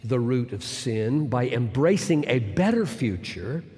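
Male preacher taking his time, big swings loud to hushed, long echo in the church hall. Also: sing-song, measured pace. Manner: dramatic swings from booming emphasis to hushed near-whisper. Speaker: pastor. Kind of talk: sermon.

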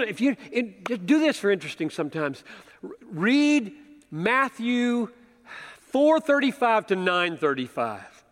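A man preaching an expository sermon, emphatic, with rhetorical questions, often dropping to a hush. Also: sits high, big pitch swings, measured pace. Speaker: pastor. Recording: long reverb of a large hall.

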